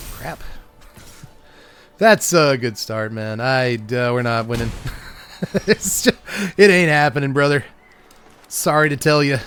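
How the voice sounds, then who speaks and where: A man at a middle pitch commentates his own card game match in a wry, joking way. He chuckles often, and faint music plays behind him. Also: a bit bright. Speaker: host of a card game channel. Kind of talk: gameplay commentary.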